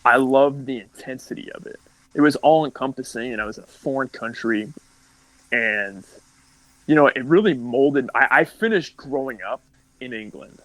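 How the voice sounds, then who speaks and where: A man's voice: medium pitch, animated, normal speed, fairly bright tone, dry recording, poor audio. A young man from California telling his life story as a podcast guest, candid and rambling, full of likes and restarts. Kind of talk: casual storytelling.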